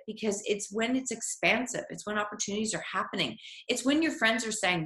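A woman's voice: mid-range voice, fairly bright tone. A woman giving an earnest, encouraging motivational talk as a life coach, sometimes voicing an inner voice. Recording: echoey room.

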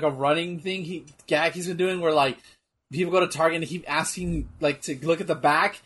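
Husky high-voiced man, casual chat. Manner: rambling, laughing while telling stories. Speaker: co-host watching wrestling.

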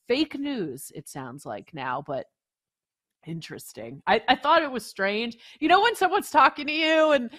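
A woman with a slightly high voice chats on a sports betting show. She tells her story in a loose, laughing, conversational way. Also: sing-song, normal speed, a bit bright. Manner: chatty storyteller, laughs often. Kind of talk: casual chat.

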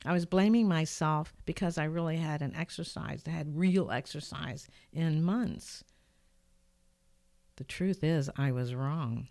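A woman's voice: low voice, a little slow, no room sound. An older woman hosting her own podcast from her home studio, telling a personal story in an earnest, reflective way. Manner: earnest, reflective, lively when retelling events. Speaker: podcast host. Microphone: studio microphone.

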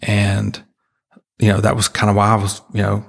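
A man earnestly retelling a personal experience as an interview guest, halting and full of restarts. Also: lowish voice, completely flat delivery, creaky.

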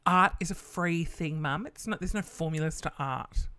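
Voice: mid-range voice, normal speed, bright, forceful tone, smooth. A podcast host telling a casual story, chatty and loose, swearing freely and acting out the people in it.

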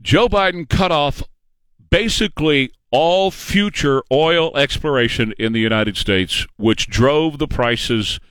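A man's voice: medium pitch, a bit bright, no echo. A man giving an opinionated political monologue, emphatic and sarcastic, repeating phrases for effect. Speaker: political commentator.

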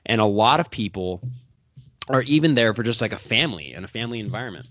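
A man chats in a lively, swooping voice with lots of starts and restarts. The sound is dry and close, with a dull, lo-fi tone. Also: lowish voice, fast talker, dry recording. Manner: animated, rambling, self-correcting. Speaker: jiu-jitsu coach and co-host. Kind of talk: casual podcast chat. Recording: dull lo-fi podcast audio.

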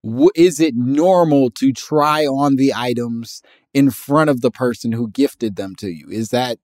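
A man's voice: mid-range voice, measured pace, darkish tone, dry recording, clean studio sound. A man from Indiana hosting a casual podcast chat, laid-back and jokey, thinking aloud as he talks. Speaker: podcast host.

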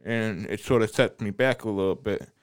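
A deaf man talking casually on a podcast, halting and often repeating his words. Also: lowish voice, smooth. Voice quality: speech of a deaf speaker. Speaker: podcast regular.

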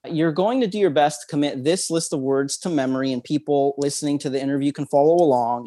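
A man's voice: fairly high pitch, fast talker, few pauses, warm tone. A man with a slightly raised voice talks a listener through a vivid memory exercise. He is upbeat and instructive and chuckles often. He is a guest on an interview. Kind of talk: guided visualization in an interview.

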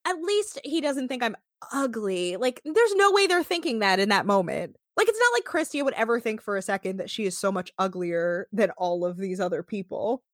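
Sarcastic, animated woman podcaster. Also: mid-range voice, a little fast, few pauses, no echo, studio quality. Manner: animated, sarcastic, swears freely, acts out quotes. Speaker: podcast co-host. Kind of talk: casual chat recapping reality TV.

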